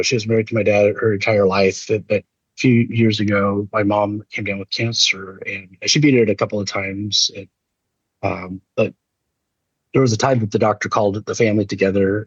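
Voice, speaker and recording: A man's voice: on the low side, husky, dry recording. A middle-aged man telling a personal story in an earnest, preacher-like keynote talk. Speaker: leadership speaker. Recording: dull lo-fi dry recording.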